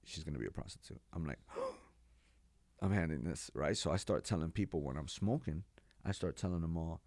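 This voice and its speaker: A man in his forties, a pastor from New York, telling his life story as a podcast guest in an animated, casual way with slang. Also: deep voice, moderate pace, dry recording. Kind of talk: personal testimony in a podcast interview.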